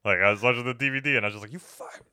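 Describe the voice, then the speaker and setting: Give me a quick, bright, swearing guy hosting a movie podcast. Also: clear, resonant tone, no echo, studio quality. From United States. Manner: rambling, swears freely, full of "like" and "you know"; jumps into loud high mock voices for quoted lines. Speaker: podcast host. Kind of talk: casual movie review chat.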